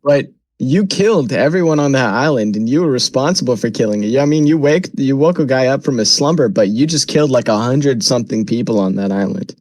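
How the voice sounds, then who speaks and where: Young male co-host, casual and animated, acts out his reactions; mid pitch, dry close mic. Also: brisk, hardly any pauses, no echo. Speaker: podcast co-host. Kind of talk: casual chat.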